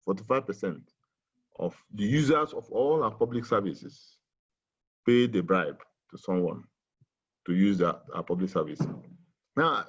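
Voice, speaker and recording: A middle-aged man speaking in a webinar, halting with many fillers and slow and emphatic when he reads aloud. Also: lowish voice, lively intonation, breathy edge, lo-fi sound. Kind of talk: webinar talk with a poem reading. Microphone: video call.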